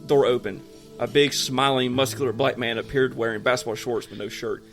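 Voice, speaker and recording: Podcast co-host, male, casual story reader, clear music bed underneath. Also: mid-range voice, steady tone, brisk. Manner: casual, breaks off to joke. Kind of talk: reading a story aloud to friends.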